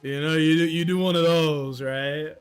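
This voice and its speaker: A man in his thirties chats on a livestream, rambling along and poking fun at himself. His voice sits a little high for a man, and he laughs often. Faint music plays quietly underneath. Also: fairly even intonation, moderate pace, clear, resonant tone. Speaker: livestream host. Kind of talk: casual livestream chat.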